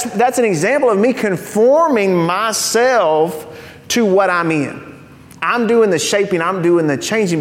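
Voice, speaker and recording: A man with a high voice preaches a sermon, teaching in a conversational way with the odd joking aside. He slows right down to lean on the key phrases. His voice rings out with a long reverb, as if in a large church sanctuary. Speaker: pastor.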